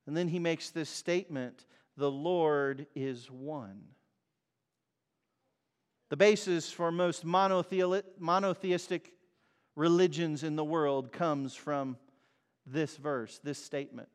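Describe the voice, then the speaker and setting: Slow-preaching man in an echoing hall. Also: a little high, fairly even intonation, smooth. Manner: emphatic preaching, swings from loud to soft. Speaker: pastor. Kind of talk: sermon. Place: church hall. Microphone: mic over speakers. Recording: long reverb of a hall.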